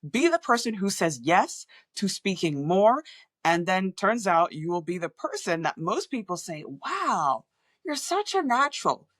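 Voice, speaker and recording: A woman's voice: on the low side, lively intonation, normal speed, no room sound. A woman audiologist with an international accent that is often taken for American, talking straight to camera and acting out patients' remarks in voices. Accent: international, often mistaken for American. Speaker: audiologist and communication coach. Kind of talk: direct-to-camera talk.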